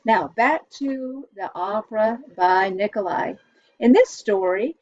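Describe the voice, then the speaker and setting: A woman's voice: on the high side, expressive, dull audio. Cheerful American woman teaching kids music. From United States. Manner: cheerful, explains slowly for kids. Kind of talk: children's music lesson.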